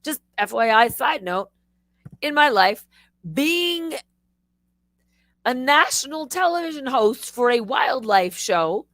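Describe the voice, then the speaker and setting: A woman from Michigan, a livestream host, telling a story in a casual, animated way, with swearing and high bursts when she quotes herself. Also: takes it slowly, long pauses, dry recording. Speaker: livestream host, former wildlife TV host.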